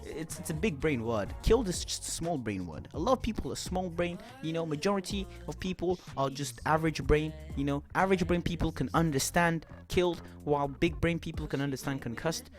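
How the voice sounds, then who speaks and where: A young man telling a rambling, animated story to camera, swearing often. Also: fairly high pitch, a little fast, hardly any pauses, soft background music. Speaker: vlogger.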